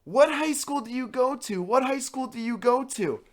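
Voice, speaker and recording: A man putting on a high, insistent voice to play a fussy, frantic female college resident advisor. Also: lively intonation, moderate pace. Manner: shrill, insistent, repeating herself.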